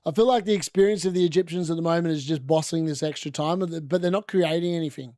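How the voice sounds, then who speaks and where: A man's voice: on the high side, fast, warm tone, dry recording, clean studio sound. A young adult man with an Australian accent, hosting a casual live football watchalong and reacting to the chat. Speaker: watchalong host.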